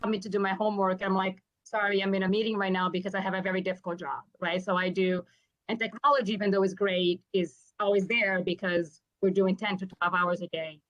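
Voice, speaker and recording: Woman from são paulo asking a question, gushy and emotional, normal pitch. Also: little pitch movement, fairly quick, lo-fi sound. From São Paulo, Brazil. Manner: warm, gushing, emotional, talks in a rush. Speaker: audience member asking a question. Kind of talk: live Q&A question.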